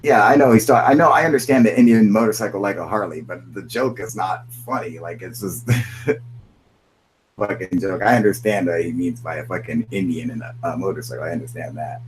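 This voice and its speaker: A lower-pitched young man talks casually on a live stream, rambling through viewer chat with constant swearing and frequent laughter. A faint hum runs under his voice. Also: fairly quick, poor audio.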